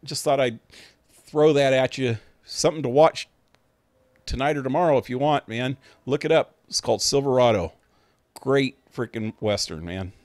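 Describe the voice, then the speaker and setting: A man's voice: mid-range voice, moderate pace, darkish tone, no room sound. A man with a mid-range voice rambling casually as a game streamer, laid-back and loose with the occasional swear word. The sound is close and dry. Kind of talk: casual chat.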